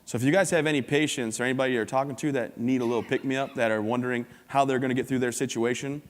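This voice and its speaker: An upbeat, joking man gives a humorous motivational keynote in a large conference hall, his words trailing in long reverb. His voice is medium-pitched with fairly even intonation, and he talks at a quick pace.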